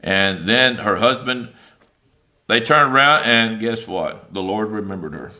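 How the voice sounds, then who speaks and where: A man preaching a sermon in a conversational, animated way, with many fillers, reading scripture aloud and paraphrasing it. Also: lowish voice, unhurried.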